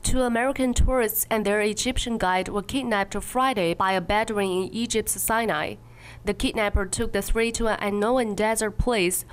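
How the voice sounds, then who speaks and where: A woman's voice: mid-range voice, clean tone. Woman anchor reading the news.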